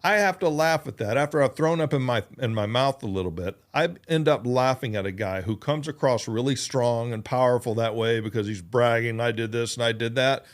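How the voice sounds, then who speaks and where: A man hosting a motivational podcast, speaking in an earnest, emphatic way. He repeats his points for emphasis, and his pitch sits in an ordinary middle range. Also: a little fast, few pauses. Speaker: podcast host.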